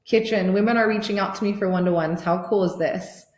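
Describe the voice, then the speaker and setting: This thirty-something life coach swears liberally while excitedly gushing through a pitch for her motivational workshop. Her delivery is fairly quick, and the room echoes.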